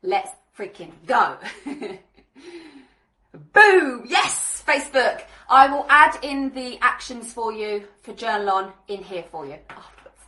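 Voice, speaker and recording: A woman hosting a motivational business podcast, talking in an energetic, hyped way full of repeated exclamations. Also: measured pace, reverberant. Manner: energetic, hyped, swears mildly, repeats "boom". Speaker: business coach and podcast host.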